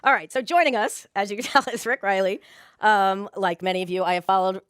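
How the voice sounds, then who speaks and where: Woman interviewer, smooth and clear, friendly probing questions. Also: medium pitch, brisk, a bit bright, dry recording, studio quality.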